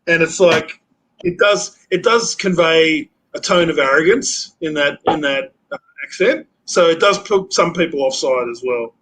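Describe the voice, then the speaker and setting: A blunt man hosting a casual stream chat. His voice sits a little high, and he swears freely, stopping and restarting his sentences. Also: unhurried, a bit bright, low-quality recording.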